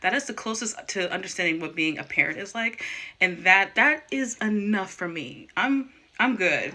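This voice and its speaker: A woman's voice: mid-range voice, animated, normal speed, bright, forceful tone. A young woman talking straight to camera in a candid personal vlog, emphatic and stumbling over repeated words when worked up. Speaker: vlogger.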